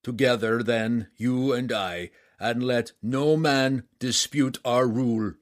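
Man doing a gruff giant king, one-eyed, booming, slow, blunt, storybook reading. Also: natural voice. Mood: commanding.

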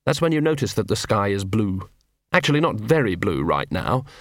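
A man's voice: lowish voice, very animated, moderate pace, no echo. Guy reading an audiobook, wry and dry, close dead-sounding mic. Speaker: audiobook narrator. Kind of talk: audiobook narration.

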